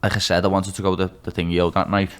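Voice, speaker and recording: Speaking fast in a smooth, low voice with little pitch movement, a Scouse MMA fighter in his twenties from Liverpool appears as a podcast guest. He's candid and blunt, swears a lot and calls everyone "lad".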